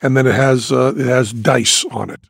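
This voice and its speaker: Husky, gravelly older man chatting. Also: medium pitch, fairly even intonation, normal speed, dry recording, studio quality. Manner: emphatic, punctuates points with "okay?". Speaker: podcast co-host. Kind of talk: casual chat.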